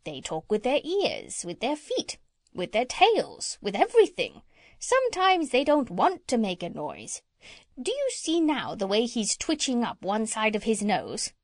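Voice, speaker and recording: A woman voicing a proud, clever female parrot who lectures briskly and breaks into high squawks. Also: wildly swooping pitch, no echo, clean studio sound, exaggerated voice. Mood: lecturing.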